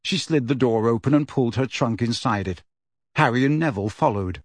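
Man, audiobook narrator, measured steady delivery, mid-pitched, dry close recording. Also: dry recording.

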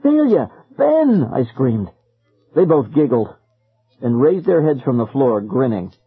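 A man narrating a first-person children's story in a lively, expressive reading. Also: mid-range voice, unhurried, husky, dry recording. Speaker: audiobook reader. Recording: phone-like narrow band, dry, faint music.

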